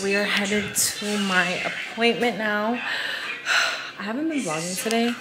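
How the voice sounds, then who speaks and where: A woman's voice: medium pitch, unhurried, noisy background. A woman in her twenties, a mom vlogging in a casual, candid, chatty way and swearing freely. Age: 20s. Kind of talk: casual vlog chat.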